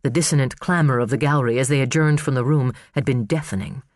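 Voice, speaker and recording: A man narrating an audiobook thriller in an expressive, dramatic storytelling manner. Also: medium pitch, quick pace, dry recording, studio quality. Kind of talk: scripted narration.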